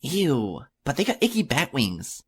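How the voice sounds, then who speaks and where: A man's voice: medium pitch, huge pitch swings, unhurried, breathy edge, exaggerated voice. A man reading an audiobook, voicing a mischievous, playful young filly pony with a chirpy, teasing manner.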